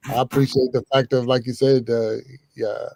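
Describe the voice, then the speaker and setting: A man with a gravelly, creaky voice hosts a conversation, reads a listener's question, and responds with halting, searching phrasing. His voice sits at a middle pitch and the sound is dry. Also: level tone, mellow, no room sound. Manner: hesitant, many fillers and restarts. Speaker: host reading listener questions. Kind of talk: casual conversation.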